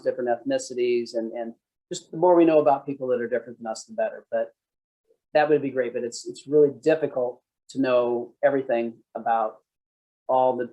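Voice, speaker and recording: A man's voice: mid-range voice, darkish tone, low-quality recording. A man presenting a police training session, conversational, acting out sample phrases. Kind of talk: conference presentation.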